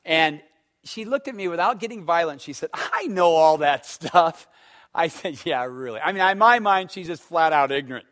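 A man preaching a sermon, telling stories and swinging between loud emphatic stretches and hushed ones. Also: a little high, expressive, fairly quick. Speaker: pastor.

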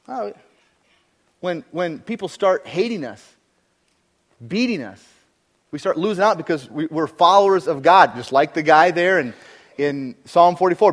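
Male pastor with a slightly high voice, preaching in a sermon, moving between forceful emphasis and quiet intimacy. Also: sing-song, moderate pace, long pauses. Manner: swings between loud emphatic and hushed intimate delivery; frequent rhetorical questions, repeats and restarts.

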